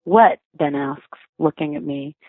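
Low-voiced woman reading her memoir, wry. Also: moderate pace, no echo. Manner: wry, reflective storytelling. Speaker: memoir narrator, mother. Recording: thin phone-like sound, dry.

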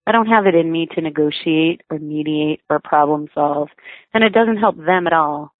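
Brief: woman, low voice, wry memoir reading, thin phone-like dry sound. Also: moderate pace, no room sound. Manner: wry, reflective storytelling. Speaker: memoir narrator, mother.

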